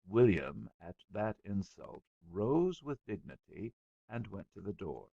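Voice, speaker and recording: A male audiobook narrator with a low, gravelly voice reads in a slow, measured style. His pitch moves in a lively way through the sentences. The recording is dry and slightly dull. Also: no room sound. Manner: measured, expressive reading. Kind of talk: scripted narration.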